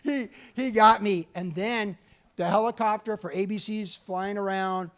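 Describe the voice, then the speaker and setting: A man in his sixties from California, telling lively stories at a museum talk and acting out other people's lines. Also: sits high, measured pace. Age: 60s. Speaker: author giving a talk. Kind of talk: storytelling presentation. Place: museum talk before an audience.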